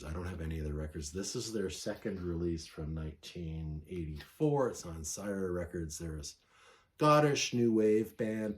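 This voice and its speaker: This man's voice is deep with a darkish tone. In a casual show-and-tell vlog, the record collector rambles happily about his vinyl discoveries, often stopping to correct himself.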